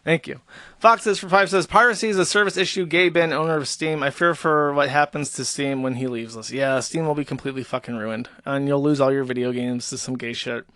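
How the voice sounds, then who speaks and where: A man streaming, reading viewer donation messages aloud and adding crude, offhand comments in a casual, flat way. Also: mid-range voice, fairly quick, no echo, clean studio sound.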